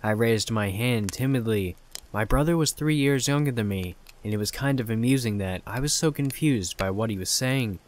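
Man narrating a horror story calmly. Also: mid-range voice, moderate pace.

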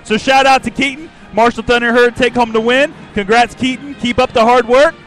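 An upbeat man with a fairly high voice co-hosts a fan sports podcast. He runs the pregame segments in an announcer-like way and spells numbers out slowly and carefully. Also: steady tone, fairly bright tone. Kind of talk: pregame sports broadcast banter.

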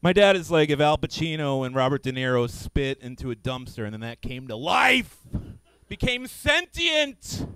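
A man doing a stand-up comedy set on stage before a live audience, manic and swinging from low mumbling to yelling. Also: sing-song, normal speed, smooth, dry recording.

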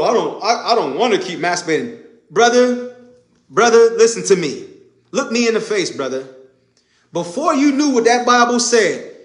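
A man's voice: very high-pitched, a bit bright, echoey room. A man preaching an informal sermon, emphatic and conversational, repeating his points. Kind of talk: informal sermon to a live audience.

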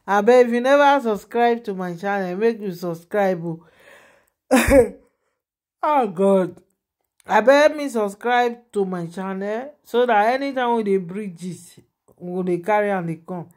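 A woman's voice: mid-range voice, animated, unhurried, a little mellow. A woman with a Nigerian accent hosting her own channel, chatting casually and animatedly as she shares celebrity gossip and laughs often.

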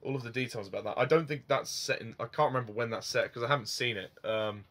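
A man's voice: mid-range voice, fast, fairly bright tone. A young man giving a casual film review, rambling with frequent ums and chuckling at his own remarks.

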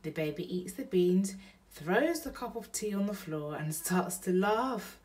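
A mother reading a bedtime storybook aloud to her baby in a slow, gentle pace. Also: medium pitch, expressive, distant mic.

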